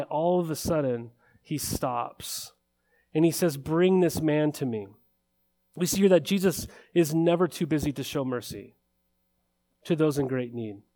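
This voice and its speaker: A man's voice: a little high, a little mellow. A man preaching a sermon in an earnest way, building emphasis with repeated phrases. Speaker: pastor.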